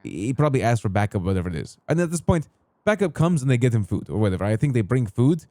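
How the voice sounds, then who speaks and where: A man's voice: mid-range voice, very animated, quick pace, mellow, no echo. A man role-playing his character, rambling through a recount and acting out quoted back-and-forth exchanges. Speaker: role-play streamer recounting an in-character incident. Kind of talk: in-character role-play storytelling.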